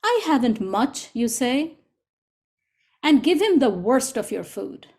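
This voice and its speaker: Woman, slow poetry reading, gentle and deliberate, slightly high voice, video call. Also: sing-song. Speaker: co-facilitator.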